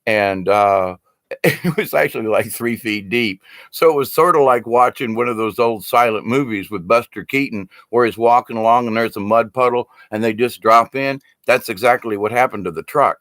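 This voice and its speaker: Casual storytelling from an older man who speaks on shamanism: he rambles about his teachings, laughs frequently and swears casually. His mid-range, fairly bright voice moves at a normal speed, recorded in studio quality with no room sound.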